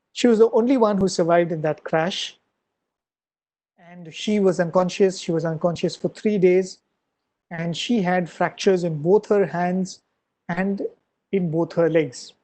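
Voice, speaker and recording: Mellow-voiced man telling a story. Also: fairly high pitch, poor audio. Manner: earnest storyteller acting out quoted dialogue. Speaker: invited speaker at a devotional gathering. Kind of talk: spiritual talk, storytelling.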